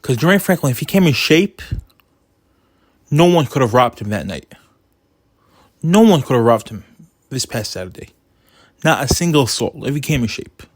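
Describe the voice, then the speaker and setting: A man giving his opinionated casual commentary on a boxing result, getting animated as he retells funny moments. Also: mid-range voice, normal speed, pauses often, no echo.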